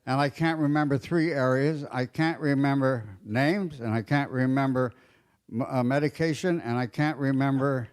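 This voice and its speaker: An older man telling stand-up jokes at a roast, with a halting, fumbling delivery full of fillers. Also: mid-range voice, fairly even intonation, smooth. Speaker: comedian at a roast. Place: banquet dais.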